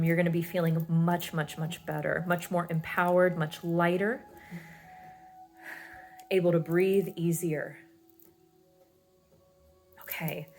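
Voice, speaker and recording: A woman giving a pick-a-card tarot reading, talking in a soothing, reassuring way with many fillers. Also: fairly low pitch.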